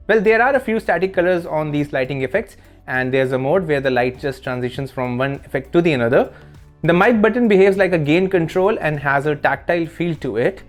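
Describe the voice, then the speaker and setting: A man reviewing a desk microphone he is testing, explaining casually with playful asides. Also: a little high. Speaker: tech reviewer. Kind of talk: product review narration. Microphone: desk condenser microphone under test.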